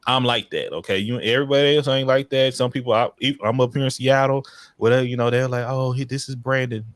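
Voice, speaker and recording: A man casually telling stories as a podcast guest about his child welfare work, in an animated, slangy way. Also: fast talker, smooth, dry recording. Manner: animated, slangy, breaks into high excited quoted voices. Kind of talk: casual storytelling chat.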